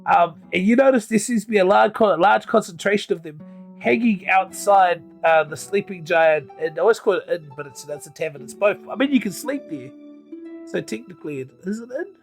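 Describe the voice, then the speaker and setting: Casting: male game master, high gravelly voice, hesitant narration over faint music. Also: expressive, fairly quick. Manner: hesitant, many ums and restarts.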